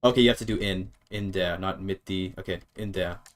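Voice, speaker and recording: A man streaming a game in casual talk, thinking aloud as he works through a translation, with halting restarts and tries at German words. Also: low voice, fairly even intonation. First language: English.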